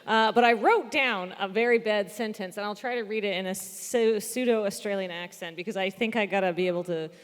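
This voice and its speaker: A woman's voice: mid-range voice, fairly quick, hardly any pauses, smooth. A woman raised in Canada and born in New Zealand, chatting on a live panel in a self-deprecating way and laughing often. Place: large theater stage. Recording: long hall reverb.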